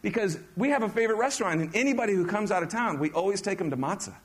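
High-voiced man preaching a lively sermon. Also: rapid-fire, slightly rough. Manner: animated, conversational preaching with audience questions. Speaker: pastor.

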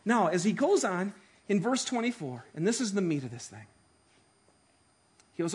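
A man preaching a sermon, telling stories with animated delivery that swings from hushed to loud. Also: sits high, moderate pace, pauses often, breathy edge. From Detroit. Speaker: pastor.

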